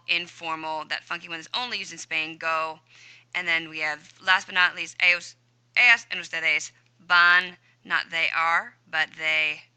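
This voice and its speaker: A chatty woman walks students through a recorded grammar lesson, upbeat and talking to herself as she types. Her voice is bright and forceful, sitting a little low for a woman. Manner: upbeat, chatty, talks to herself while typing. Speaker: Spanish teacher.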